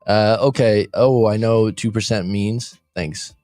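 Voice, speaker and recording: A man with a fairly low, darkish voice speaks at a measured pace on a dry, studio-quality recording. He's hosting a coaching show as a casual livestream from a room abroad by street windows, rambling, joking and reading viewer messages aloud.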